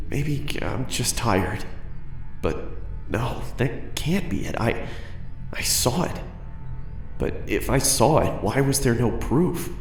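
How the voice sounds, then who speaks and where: A man narrating a first-person horror story in a steady, earnest way. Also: lowish voice, gravelly. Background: background music.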